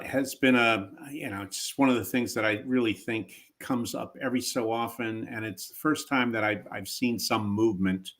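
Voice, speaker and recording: A man co-hosting a podcast in casual chat, speaking in a measured, thoughtful way with the odd chuckle. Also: fairly low pitch, a bit bright. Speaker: podcast co-host.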